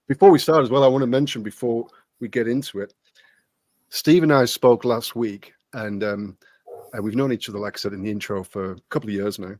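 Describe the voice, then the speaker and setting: A man's voice: medium pitch, fairly even intonation, brisk, darkish tone, dry recording. Chill guy hosting a podcast, teasing banter, dry close sound. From not Australian, moved there as a backpacker. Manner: laid-back, teasing banter. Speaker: podcast host. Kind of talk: casual chat.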